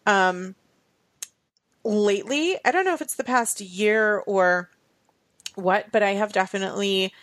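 A woman co-hosting a podcast in casual chat, chatty and quick to laugh, with fillers and trailing thoughts. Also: medium pitch, a bit bright, no echo. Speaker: podcast co-host.

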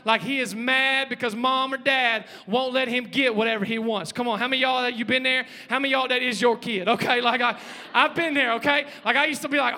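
A man, preaching a lively sermon, joking and calling out to the congregation. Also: extremely high pitch, fast. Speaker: pastor. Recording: long hall reverb.

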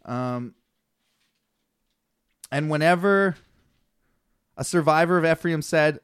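A man's voice: a little high, a little slow, long pauses, clean tone, no echo, studio quality. A man co-hosting a comedy podcast, reading scripture aloud with stumbles and swearing freely. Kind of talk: casual comedic chat.

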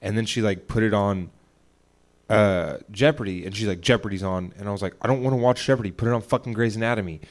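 Young guy ranting on a podcast, kinda low voice, curses a lot, rambles. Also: fast. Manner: rambling, profane, retells arguments with quoted voices. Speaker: podcast co-host. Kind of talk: casual chat.

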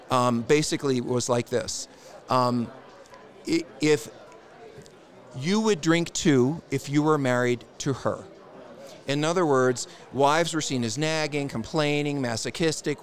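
A man appearing as a therapist guest on a podcast, speaking with blunt, emphatic conviction. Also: medium pitch. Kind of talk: casual interview.

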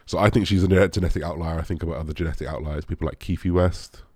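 A man's voice: low-pitched, steady tone, quick pace, a little mellow, husky, no room sound, clean studio sound. A young man, a bodybuilder, answering viewer questions in a rambling casual chat, full of fillers and the odd swear.

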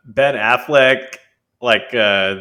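A man's voice: medium pitch, very slow, pushed and bright. A man hosting a podcast in a casual group chat, talking loosely with many fillers. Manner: laid-back, many fillers. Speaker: podcast host.

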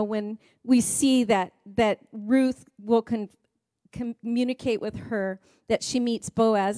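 A woman, a pastor's wife, preaching a sermon in a building, repetitive cadence that swings between loud emphasis and soft hushed passages. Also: on the high side, no room sound.

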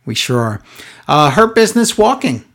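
A man's voice: fairly high pitch, big pitch swings, moderate pace, vocal fry, fairly bright tone. A man co-hosting a casual chat, recapping a show in a sarcastic, exasperated way. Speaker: podcast co-host recapping wrestling.

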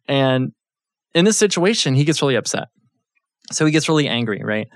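A man's voice: medium pitch, very animated, a little fast, long pauses, no echo, clean studio sound. A man in his thirties giving a casual Bible teaching, telling a family story and often checking in with his listeners. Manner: conversational, storytelling, frequent check-ins with listeners.

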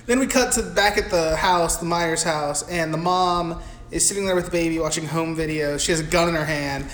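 A man's voice: on the high side, brisk. Profane young man retelling a movie. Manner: profane, animated retelling with put-on voices for characters. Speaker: podcast co-host. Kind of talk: casual chat recapping a film. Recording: echoey room with faint noise.

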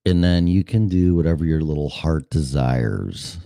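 A man's voice: a bass voice, expressive, moderate pace, creaky, mellow, dry recording, studio quality. A man in his fifties hosting a show, talking in a rambling, profane, blunt way. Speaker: podcast host. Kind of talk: casual monologue.

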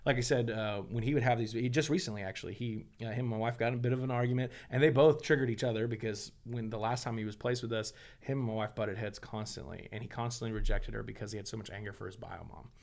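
A man's voice: fairly low pitch, quick pace, creaky, few pauses. A pastor and foster father in casual podcast conversation, telling stories animatedly and acting out what people said. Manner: animated storyteller, acts out quoted dialogue.

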